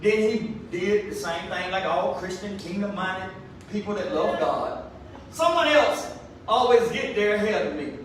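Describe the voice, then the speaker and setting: A man preaching a sermon to his congregation, emphatic and animated. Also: sits high, unhurried. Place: church. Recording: echoey room from far off, faint noise.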